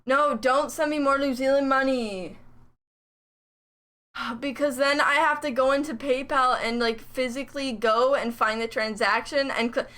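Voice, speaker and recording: A woman's voice: sits high, fairly even intonation, a little slow, fairly bright tone. A young woman chatting casually on a live stream while she crafts, rambling and poking fun at herself. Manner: rambling, chatty, self-mocking.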